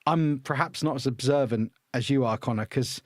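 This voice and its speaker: Excited podcast host, dry close mic. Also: male voice, medium pitch, moderate pace, dry recording. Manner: enthusiastic, stammers and restarts. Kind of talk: casual film-review chat.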